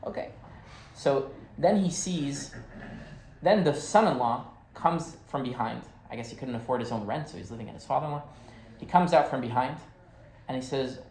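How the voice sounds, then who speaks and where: A man's voice: mid-range voice, moderate pace, darkish tone. A rabbi teaching a class, telling a story and checking in with his listeners with a casual "right?". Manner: conversational, keeps checking in with "right?". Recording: roomy echo, faint background hum.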